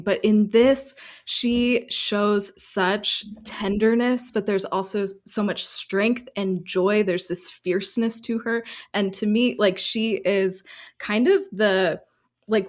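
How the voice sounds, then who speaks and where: A woman co-hosting a film podcast, speaking earnestly and enthusiastically with frequent ums. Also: medium pitch. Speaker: podcast co-host. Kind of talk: casual chat.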